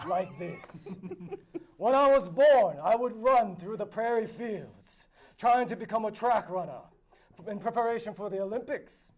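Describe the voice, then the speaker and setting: A man's voice: sits high, animated, measured pace. A man playing a boastful male noble who spins absurd, grandiose tall tales in a theatrical storytelling manner. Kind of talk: improvised tall-tale role-play. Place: live convention panel room.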